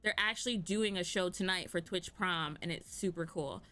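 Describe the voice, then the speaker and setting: A woman hosting an online comedy panel in casual chat, talking fast and loose with lots of fillers and laughs. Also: on the low side, bright, forceful tone. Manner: chatty, laughs often, many "like" fillers. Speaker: panel host.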